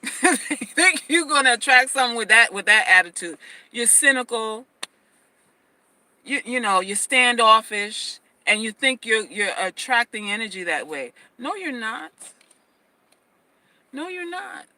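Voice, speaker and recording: Woman host, bright tone, emphatic casual livestream advice, repeats herself. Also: fairly high pitch, animated, a little slow, low-quality recording. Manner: emphatic, repeats phrases, stammers on restarts.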